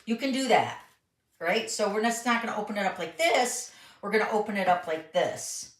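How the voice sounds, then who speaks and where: In a live card-making tutorial, a middle-aged host chattily explains each step and reads viewer questions aloud. Her expressive, medium-pitched voice runs at normal speed, heard from far off the mic in a roomy recording.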